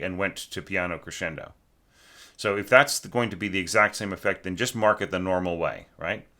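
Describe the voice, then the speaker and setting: A man with a low-pitched, pushed and bright voice critiques a student's orchestration score informally. His talk is loose and conversational; he often restarts sentences and sings phrases aloud.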